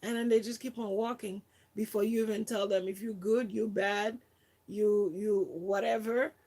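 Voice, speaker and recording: A woman's voice: medium pitch, fairly even intonation, moderate pace, darkish tone. A woman volunteer telling a personal story in a casual, chatty way, with lots of fillers. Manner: chatty, many fillers, acts out quotes.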